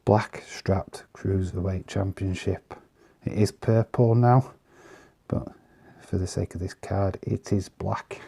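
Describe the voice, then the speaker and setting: Bloke chatting slowly about his cards, very dark gravelly voice, laid back. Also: low-pitched, steady tone. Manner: easygoing, chatty, with frequent pauses and "uh" fillers. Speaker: vlogger showing trading cards. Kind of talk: casual commentary.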